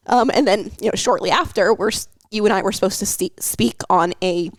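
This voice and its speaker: A young adult woman health coach talking openly about her anxiety in a podcast, emotional and halting, with many fillers. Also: medium pitch, fairly even intonation, no echo. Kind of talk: personal podcast talk.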